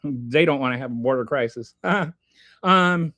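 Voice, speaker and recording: A man hosting a casual livestream, reading chat aloud and commenting in a rambling, animated way with many restarts. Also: medium pitch, a little slow.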